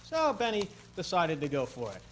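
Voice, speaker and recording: A man's voice: a little high, huge pitch swings, moderate pace, a bit bright, a little hiss or hum. A man performing as a guest comedian on stage, telling a long rambling joke while juggling, stopping to correct himself. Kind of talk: stand-up storytelling with juggling. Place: stage before a live audience.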